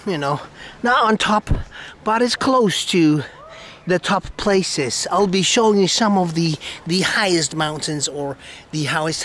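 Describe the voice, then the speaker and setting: A Swiss man with a fairly high voice who talks slowly through a casual travel vlog. He rambles and muses as he walks, with faint outdoor noise behind him. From Switzerland. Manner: relaxed, musing, drops to a whisper now and then. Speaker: travel vlogger. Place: outdoors by a lake and inside an old church.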